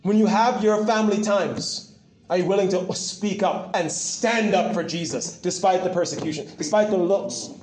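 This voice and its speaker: Male preacher with a high, lively voice, impassioned and repetitive, recorded in a roomy hall. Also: moderate pace, slight background noise. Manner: impassioned, repetitive, animated storytelling. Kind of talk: sermon. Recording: echoey room.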